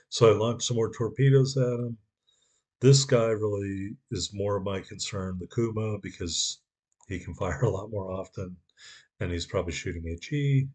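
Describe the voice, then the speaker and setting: A man's voice: sits low, darkish tone. A man giving a sarcastic, wry voice-over commentary on his own gameplay.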